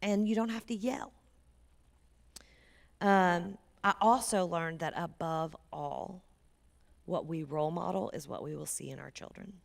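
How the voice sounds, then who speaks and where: A woman's voice: fairly low pitch, a little slow, vocal fry, long pauses. A woman speaking as a guest speaker, giving an earnest, conversational parenting talk to a church audience and dropping to a near whisper for emphasis.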